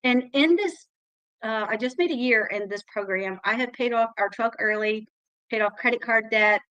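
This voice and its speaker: A woman's voice: fairly high pitch, moderate pace, a bit bright, dry recording, muffled recording. A middle-aged woman, sharing her success story in a chatty, emotional way on a live call. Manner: chatty, emotional, says y'all often. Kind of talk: casual testimonial on a live call.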